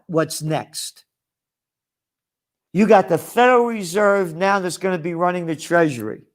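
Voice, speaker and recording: In a high-pitched, somewhat bright voice, a man who forecasts trends and publishes a magazine delivers a ranting promo monologue for it. He's combative and sarcastic throughout, tossing in mocking asides.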